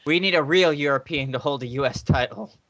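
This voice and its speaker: A man's voice: a little high, brisk, a bit bright, dry recording. A man co-hosting a wrestling podcast in casual chat, blunt and profane, speaking over a call. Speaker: podcast co-host. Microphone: remote call mic.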